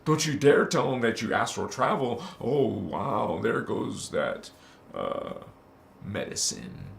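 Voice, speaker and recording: A man giving an impassioned spiritual talk, casual and slangy, swearing and flaring up into loud outbursts. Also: on the low side, sing-song, slow, gravelly, roomy sound, slight background noise. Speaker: spiritual teacher.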